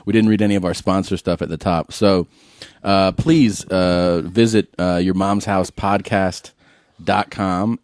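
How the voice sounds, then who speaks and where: Low-voiced rambling man, dry close sound. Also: darkish tone, dry recording. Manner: rambling, filler-heavy storytelling. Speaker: podcast co-host. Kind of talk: casual chat.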